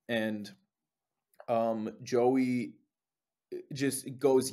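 Speaking slowly at a medium pitch with long pauses, this young New Jersey man, a singer on as a guest, spins animated stories in relaxed chat. He curses a lot and performs other people's lines as he quotes them.

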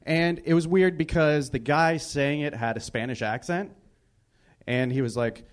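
A man's voice: fairly high pitch, unhurried. A young man doing stand-up in a small club, with an awkward, hesitant delivery full of fillers. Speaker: stand-up comedian. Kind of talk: stand-up comedy set.

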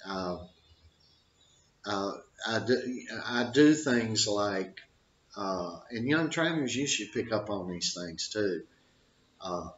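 Slow-talking older boxing trainer, roomy sound. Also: male voice, fairly low pitch, fairly bright tone, slight background noise. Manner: rambling, folksy, full of fillers and restarts. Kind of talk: casual advice talk. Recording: dull roomy recording.

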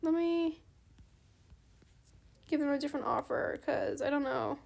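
A young woman hosting a gaming channel chats over gameplay a little slowly, her high voice falling into gravelly fry. She rambles loosely, apologizes often, and perks up quickly at new things.

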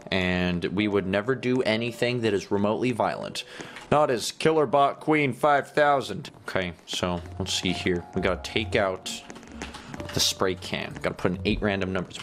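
Excitable man with a lively voice. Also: medium pitch. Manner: excitable, swings between loud shouts and quiet muttering. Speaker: gaming YouTuber. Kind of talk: casual gameplay commentary.

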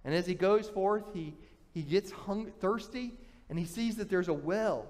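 A male pastor preaching a sermon, retelling a story in an animated way, often restarting his phrases. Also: high voice, unhurried, in a large hall. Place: church sanctuary.

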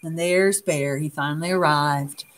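A woman reading a picture book aloud in a soft, unhurried way, pausing to comment on the pictures. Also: sits low, steady tone, noisy background. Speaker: storyteller.

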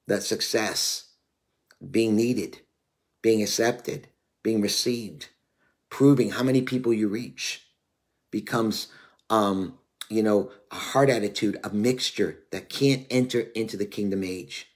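A man's voice: lowish voice, slow pace. Earnest preacher man in his fifties. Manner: earnest, confessional, many "you know" fillers. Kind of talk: sermon.

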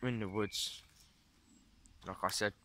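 A man's voice: lowish voice, fairly even intonation, unhurried, bright, forceful tone, a little hiss or hum. A young man rambling casually outdoors, swearing constantly and saying "mate" and "literally" a lot as he records himself on a phone. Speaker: vlogger. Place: outdoors in woods and fields.

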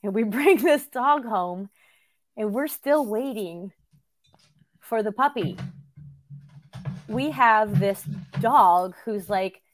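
Woman host, middle-aged, somewhat high voice, animated, laughing storyteller. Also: slow pace, pauses often. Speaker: podcast host. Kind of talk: casual conversation.

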